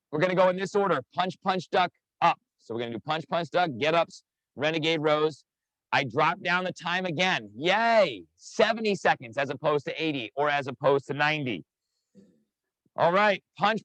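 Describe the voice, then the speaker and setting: An energetic man coaching a live online workout class over a video call, counting down reps and calling out participants by name. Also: fairly high pitch, no echo, rough recording. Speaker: fitness instructor.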